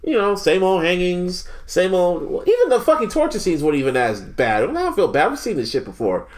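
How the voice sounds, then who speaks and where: Animated, lively-voiced man chatting casually. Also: sits high, a little fast, a little hiss or hum. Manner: animated, laughs often, swears freely. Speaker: podcast host. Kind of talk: casual chat.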